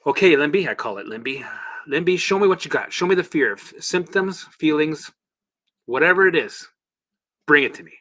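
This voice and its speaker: Bright-voiced man coaching on a livestream. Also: on the high side, normal speed. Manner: animated, chatty, swears casually; guides listeners through exercises. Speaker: host and recovery coach. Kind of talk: casual livestream coaching talk.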